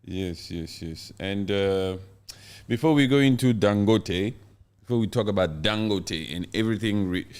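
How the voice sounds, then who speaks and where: Very deep-voiced man chatting on a podcast. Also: a little slow, darkish tone, clear, resonant tone. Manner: conversational, explains to co-host. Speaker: podcast host. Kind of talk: casual live-stream chat.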